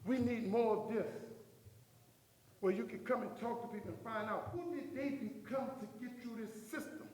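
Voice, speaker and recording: A man's voice: extremely high pitch, normal speed, darkish tone. A middle-aged man giving an emphatic motivational speech as a keynote speaker, telling stories and acting out the dialogue. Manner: emphatic storyteller who acts out dialogue. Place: large hall. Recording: echoey hall with long reverb.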